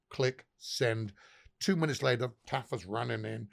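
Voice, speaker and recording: A man's voice: medium pitch, lively intonation, fast talker, gravelly. A middle-aged man, a pub owner guest, telling stories animatedly with lots of swearing and acted-out dialogue. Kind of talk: casual storytelling.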